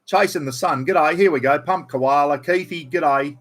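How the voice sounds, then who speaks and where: A man's voice: on the high side, normal speed, fairly bright tone. Laid-back Australian man on a livestream. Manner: laid-back, swears casually, reads out viewer names. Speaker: livestream host. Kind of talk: casual livestream chat. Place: at home indoors. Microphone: computer livestream.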